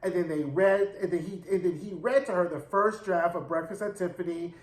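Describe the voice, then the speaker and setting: A man giving a sassy, slangy, animated recap of a TV episode in a casual commentary style. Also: sits high. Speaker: TV episode reviewer. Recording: roomy echo.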